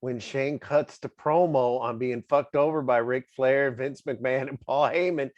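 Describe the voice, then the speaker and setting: A man's voice: mid-range voice, steady tone, measured pace, dry recording. A man hosting a casual wrestling interview, chatty and laughing often as he asks questions. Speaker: interview host. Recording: dry, dull lo-fi audio.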